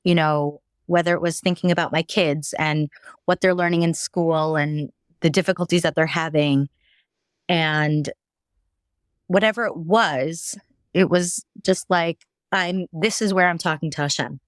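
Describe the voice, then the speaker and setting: Lady telling her story all loose and rambly, kinda low voice, dry close sound. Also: steady tone, a little slow, dry recording. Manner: rambling, candid, many restarts and "like"s. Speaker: podcast guest. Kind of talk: casual personal storytelling.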